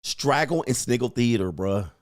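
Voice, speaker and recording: A man ranting casually on a livestream, animated and emphatic, laughing and repeating himself for emphasis. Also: mid-range voice, normal speed. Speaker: dating commentary streamer.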